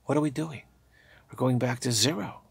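Gravelly older man, soft spiritual talk. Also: mid-range voice, no echo. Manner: halting, repetitive, drops into soft murmured chanting. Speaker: spiritual teacher. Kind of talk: meditative spiritual talk with chanted repetitions.

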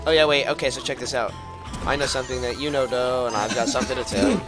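A man hosting a multiplayer let's play, excitable and loudly protesting at his teammates. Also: medium pitch, quick pace. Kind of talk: multiplayer gaming banter. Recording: game music behind.

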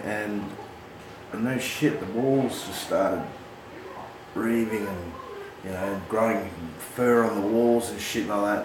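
A middle-aged Australian man spins a rowdy yarn in a casual, swear-laden voice, animated and breaking into laughs. His voice carries a roomy echo, with steady background noise clearly audible behind him. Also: lowish voice. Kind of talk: casual storytelling.

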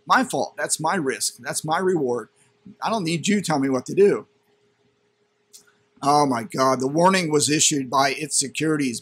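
A man's voice: a little high, fairly bright tone, husky. A man hosting a crypto channel, reading a news item aloud and ranting at it with sarcastic, indignant commentary.

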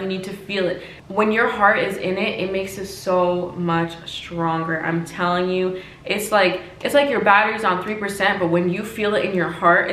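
A woman's voice: medium pitch, pushed and bright, slight background noise. A woman in her twenties giving casual, emphatic advice in a chatty vlog, often repeating herself. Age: 20s. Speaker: lifestyle vlogger. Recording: echoey room.

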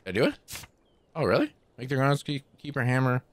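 A man hosting a gaming channel, giving playful, excitable let's play commentary full of trash talk. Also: mid-range voice, fairly quick, no room sound.

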